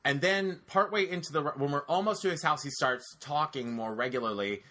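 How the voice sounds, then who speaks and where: Animated bright-voiced male storyteller. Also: on the high side, fairly quick. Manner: animated, profane, addresses listeners as y'all. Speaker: podcast co-host telling a story. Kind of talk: casual storytelling chat.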